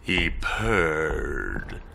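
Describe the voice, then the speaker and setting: Low, slow dramatic male storyteller. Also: big pitch swings, gravelly, background noise. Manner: dramatic, measured reading. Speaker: narrator. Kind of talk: scripted story narration. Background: background music.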